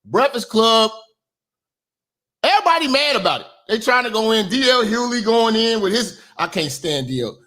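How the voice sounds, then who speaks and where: A man hosting a reaction commentary channel, animated and mocking, swearing freely as he talks back to clips. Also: sits high, normal speed, hardly any pauses.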